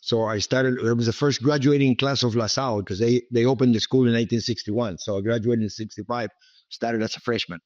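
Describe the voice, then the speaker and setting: A man's voice: medium pitch, steady tone, fairly quick, dry recording, highs cut off. A man in his seventies from Cuba, with a Cuban Spanish accent and Spanish as his first language, telling rambling stories as an interview guest and often asking "okay?". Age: 70s. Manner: rambling, repetitive, emphatic asides like "okay?". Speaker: guest, businessman. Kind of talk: storytelling interview.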